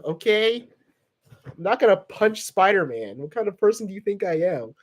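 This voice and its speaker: Unhurried and expressive, with a high-pitched voice and long pauses, this young man hosts a casual livestream. He goes through viewer comments, cracking jokes and wandering off on tangents.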